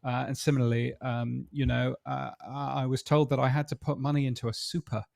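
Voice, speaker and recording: A middle-aged man from Britain, talking casually as a guest with lots of hesitant fillers. His voice has a gravelly, creaky edge, and the sound is dry and close with no room echo. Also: medium pitch, flat delivery, brisk, a little mellow. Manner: hesitant, many fillers and restarts. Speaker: podcast industry guest. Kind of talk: casual interview chat.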